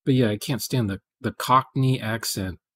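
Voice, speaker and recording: A man's voice: mid-range voice, moderate pace, bright, forceful tone. A man hosting a programming livestream, rambling in casual chat and muttering to himself as he codes. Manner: rambling, muttering asides while coding.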